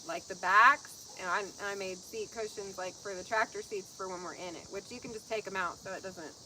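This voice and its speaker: A woman co-hosting a casual live chat, bubbly and excitable. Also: medium pitch, brisk. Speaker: co-host of a car-build channel. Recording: faint outdoor insect noise.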